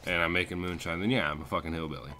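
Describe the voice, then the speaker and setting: A man's voice: sits low, steady tone, rapid-fire. A young man telling a story over gameplay, swearing and ranting in a casual way. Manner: profane, ranting. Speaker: landscaping crew leader.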